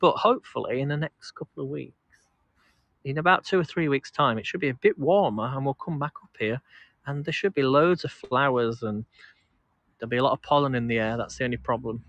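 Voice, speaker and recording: A man talks casually to his live-stream viewers while walking outdoors in a town park. His voice is bright and forward, and the close phone mic keeps it dry. He rambles, restarts and laughs often. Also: mid-range voice, fairly quick, dry recording. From England. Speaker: vlog host.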